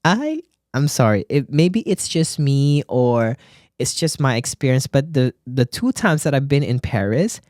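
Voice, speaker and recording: A man who is a nurse hosts his own podcast from a recording studio, chatting solo in a sassy, gossipy way straight to his listeners and calling them bestie and baby. His medium-pitched voice is expressive, unhurried, and darkish, and the recording is dry.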